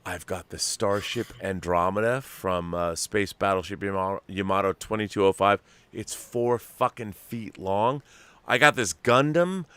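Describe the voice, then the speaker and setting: American guy rambling about his hobbies, clean smooth voice. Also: fairly low pitch, no room sound. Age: middle-aged. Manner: rambling, animated storytelling with many restarts. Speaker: host. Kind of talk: casual chat.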